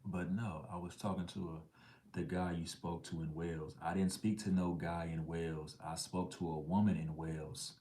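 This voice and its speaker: Deep-voiced man chatting on a livestream. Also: steady tone, moderate pace, warm tone. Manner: laid-back slangy banter, often whispering asides. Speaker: livestream host reading chat. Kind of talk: casual livestream chat.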